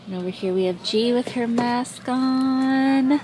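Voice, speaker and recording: A woman from Canada chatting casually as she vlogs from a camping tent on an island, relaxed and giggly, recorded on a handheld camera. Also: a little high, measured pace. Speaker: vlogger. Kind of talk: casual vlog narration. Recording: noisy outdoor camp recording.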